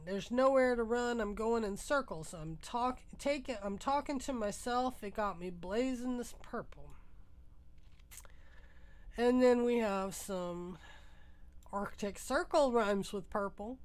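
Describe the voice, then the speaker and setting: A woman's voice: medium pitch, expressive, slow pace. A woman hosting a music livestream, musing aloud as she browses, tired and congested from a sinus infection. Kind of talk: casual livestream chat.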